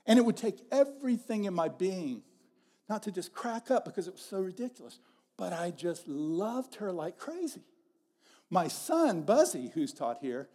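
High-voiced middle-aged pastor preaching. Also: male voice, darkish tone. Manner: conversational storytelling with repeated phrases. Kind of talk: sermon.

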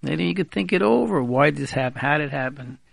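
Gravelly man giving practical advice. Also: on the high side, expressive, quick pace, no echo. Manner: repeats key words for emphasis; mixes in Hebrew and Yiddish terms. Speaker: radio speaker giving marriage advice. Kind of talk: informal advice talk.

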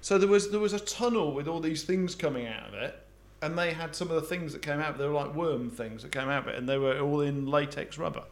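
Slightly high-voiced hesitant male co-host. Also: fast talker, vocal fry. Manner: hesitant, stumbling restarts. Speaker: podcast co-host. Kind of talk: casual chat.

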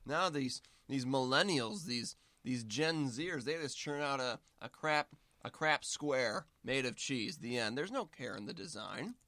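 A man's voice: mid-range voice, expressive, measured pace, bright, forceful tone, no echo. A man guest in a casual snack-tasting chat, rambling in a mock-serious way with hesitant restarts, talking with his mouth full while eating.

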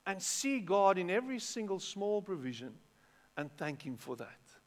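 South African pastor preaching in a hall. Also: male voice, sits high, moderate pace. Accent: South African English. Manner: conversational, repeats words, animated bursts. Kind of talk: sermon. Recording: long hall reverb.

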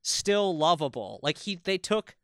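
A man co-hosting a podcast, chatting casually with animated, teasing remarks and casual swearing. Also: fairly high pitch, measured pace, smooth, no echo, clean studio sound. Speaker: podcast co-host. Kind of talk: casual chat.

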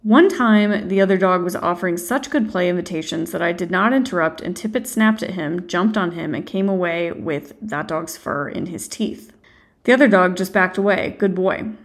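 A woman's voice: fairly low pitch, normal speed. A woman hosting a dog training podcast, answering listener questions in a direct, assertive way. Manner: direct, assertive advice-giving.

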